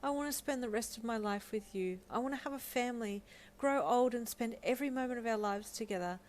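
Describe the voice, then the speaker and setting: A woman voicing a gentle young man who stammers and pleads earnestly in a fan fiction audio reading. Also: high-pitched, normal speed, pitched above the performer's own voice, close to an everyday voice. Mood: tender.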